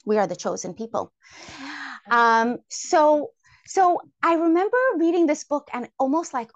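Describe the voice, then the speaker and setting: A woman telling a personal story to a live audience, lively and acting out her own inner thoughts. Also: high-pitched, a little slow, dry recording. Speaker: guest speaker.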